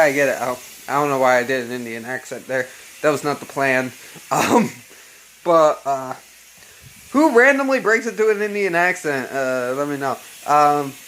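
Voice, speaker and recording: A man with a slightly raised pitch talks loosely about movies, wandering between thoughts. He swears freely, and ums and uhs fill his sentences. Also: fairly bright tone. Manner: rambling, profane, full of ums and uhs. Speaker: vlogger reviewing horror films. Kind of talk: casual chat.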